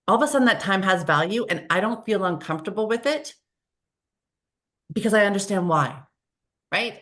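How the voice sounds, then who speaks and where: A woman talking as a podcast guest, lively and acting out the dialogue she quotes. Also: fairly low pitch. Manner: animated, acts out quoted dialogue. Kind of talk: conversational interview. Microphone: video call.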